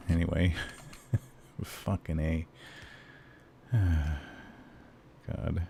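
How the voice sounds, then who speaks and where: A man's voice: sits low, slow pace, gravelly, mellow, a little hiss or hum. A man streaming a game, chatting casually and ranting with lots of swearing and fillers. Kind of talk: casual live-stream chat.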